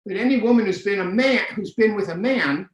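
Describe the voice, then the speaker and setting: Brief: older male lecturer, high voice, wry and explanatory, echoey room. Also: fairly quick. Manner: wry, explanatory, with dry jokes. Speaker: Bible scholar lecturer. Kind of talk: online lecture. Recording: roomy echo.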